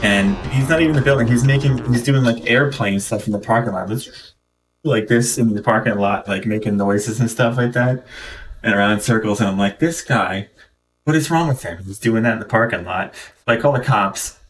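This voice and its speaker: A man's voice: on the low side, moderate pace, far from the mic, soft background music. A man streaming a game and rambling through casual anecdotes full of fillers and restarts. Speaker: gaming streamer. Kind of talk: casual storytelling while playing.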